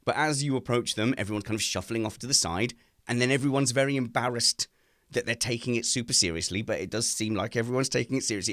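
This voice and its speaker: A man talking casually from home, spinning animated stories about his family. He slips into silly high voices whenever he quotes someone. His voice sits at an ordinary pitch and sounds close and dry. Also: dry recording. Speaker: podcast co-host. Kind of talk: casual chat. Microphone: home mic on a video call.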